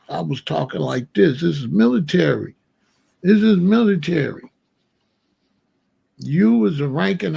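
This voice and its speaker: A middle-aged man talks straight to his audience, spinning a street story and acting out what each person said. His voice is heavily gravelly and husky, sitting a little high for a man. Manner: animated storyteller, breaks into quoted dialogue. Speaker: commentary show host. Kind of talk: casual storytelling commentary.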